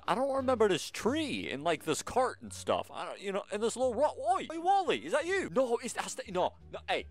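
A man talks through a cooking game in casual commentary, his pitch swinging up and down in a lively way. He jokes and banters with the on-screen customers. Soft music plays underneath. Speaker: gaming channel host.

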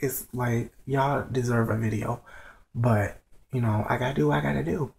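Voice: medium pitch, steady tone, normal speed, creaky, darkish tone, rough recording. A vlogger whispering at home late at night, giving a blunt, profane review of a TV episode. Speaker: show reviewer.

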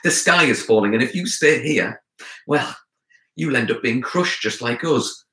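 A small male trickster spider with a high, breathless voice, played by a man, quick-witted and pleading his way out of trouble. His voice rings bright and forceful, and the reading sounds roomy and echoey. It is a storybook tale told aloud. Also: expressive.

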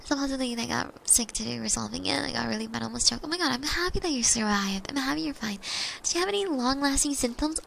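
A young woman streamer telling casual rambling stories during an ASMR stream, swearing freely and slipping into soft whispers. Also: sits high, fast, vocal fry, slight background noise. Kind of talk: chatty ASMR stream storytelling.

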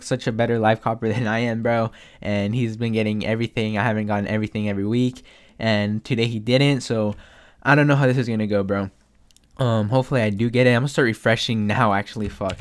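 A young man giving casual live commentary to his viewers, excitable and full of slang and swearing. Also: lowish voice. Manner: excitable, swears a lot, keeps saying "bro". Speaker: streetwear vlogger.

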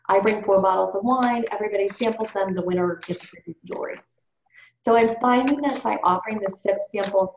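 A woman with a medium-pitched, slightly mellow voice runs a sales team training call, with a bit of hiss or hum present. She coaches in an upbeat, chatty way and speaks straight to the group. The call or webinar audio sounds roomy and dull.

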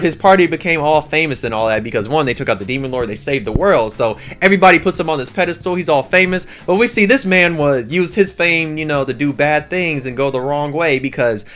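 A man giving a casual anime review with a slangy, excitable, rambling way of telling the story. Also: on the high side.

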